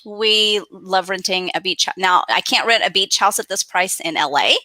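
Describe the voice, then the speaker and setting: A woman's voice: mid-range voice, moderate pace, pushed and bright, no room sound. Easygoing woman guest, dry close sound. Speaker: guest giving tips. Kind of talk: casual chat.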